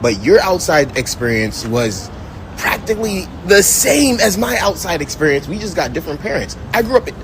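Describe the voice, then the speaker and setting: A man's voice: sits high, big pitch swings, moderate pace, a bit bright, slight background noise, poor audio. A man from the United States speaking in a casual vlog rant, direct and exasperated.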